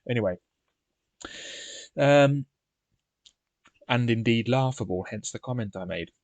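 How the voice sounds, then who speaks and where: A man's voice: medium pitch, unhurried, dry recording. A man reading a gamebook aloud and chatting with wry asides and frequent ums. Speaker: let's play host.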